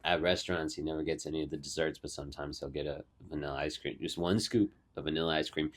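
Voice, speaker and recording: A man's voice: a bass voice, steady tone, fast. A young man co-hosting a podcast in casual chat, teasing his co-host bluntly and swearing freely. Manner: blunt, teasing and heavily profane.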